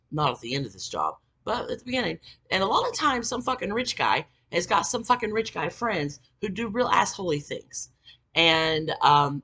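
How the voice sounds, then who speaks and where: A woman vlogger telling a rambling, profanity-laced story in casual talk, getting animated when worked up. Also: mid-range voice.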